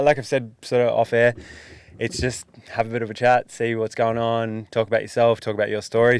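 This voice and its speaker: A man's voice: medium pitch, smooth, dry recording. A young man hosting a casual podcast interview in a small studio, laid-back and chatty, calling his guest mate. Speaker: podcast host, personal trainer.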